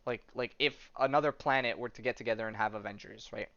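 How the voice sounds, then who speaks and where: Quick, pushed, and bright, a man's mid-range voice carries a rambling podcast conversation filled with fillers and restarts. He is the host, and the audio is dry and dull.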